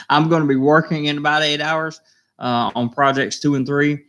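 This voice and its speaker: A man hosting a live stream, reading viewer comments aloud, emotional and halting, repeating himself and choked up. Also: on the high side, steady tone, a bit bright.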